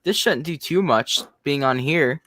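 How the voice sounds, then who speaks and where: A man's voice: fairly high pitch, measured pace, fairly bright tone, no room sound. A man chatting casually on a livestream, blunt and self-deprecating. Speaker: guest on the stream. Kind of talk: casual chat.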